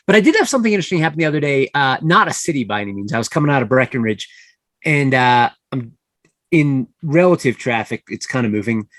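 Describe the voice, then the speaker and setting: A young man who runs a distillery, telling relaxed anecdotes in a casual chat. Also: medium pitch, fast talker, no echo. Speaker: distillery owner guest.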